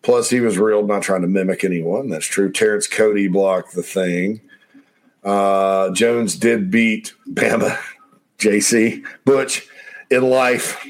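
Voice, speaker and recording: A man hosts a casual sports talk show, reading out viewer comments and rambling with laughter and quick impressions of coaches. His voice sits on the low side with a steady tone.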